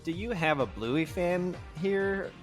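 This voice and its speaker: A man's voice: sits high, lively intonation, takes it slowly, music in the background. A man hosting a casual podcast chat, asking questions in a playful, mock-serious way. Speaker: podcast host.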